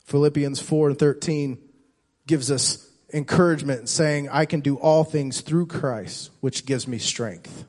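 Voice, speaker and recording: A man preaching a sermon as pastor, impassioned, repeating and restarting phrases and swinging between loud and soft. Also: a little high, measured pace.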